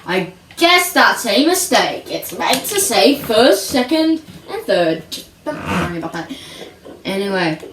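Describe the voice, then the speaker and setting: A woman giving playful, excitable mock race commentary on a video game, sometimes singing her calls. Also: medium pitch, a little slow, roomy sound, distant mic, noisy background.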